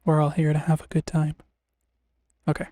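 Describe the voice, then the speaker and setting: A man streaming a game live, making relaxed, rambling commentary with wry, sarcastic asides. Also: a little high, fast talker, no echo. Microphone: desk mic on a streaming setup.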